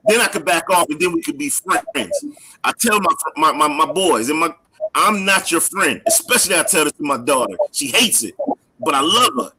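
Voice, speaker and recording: A man's voice: on the high side, lively intonation, fairly quick, background noise. A middle-aged man, a minister, talking earnestly in a casual panel discussion, often repeating words as he builds a point. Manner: earnest, repeats words when fired up, preacherly.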